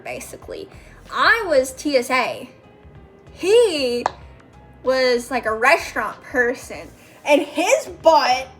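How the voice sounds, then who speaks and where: Chatty young woman, faint music behind. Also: high-pitched. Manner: chatty, lots of fillers and quoted voices. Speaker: background extra. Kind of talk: casual storytelling.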